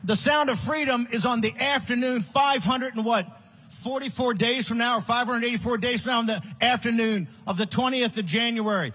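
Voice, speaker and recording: A man giving a fiery, combative political speech at a conference, often shouting and scornful. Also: very high-pitched, moderate pace, slight background noise. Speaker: conference speaker. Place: large conference hall.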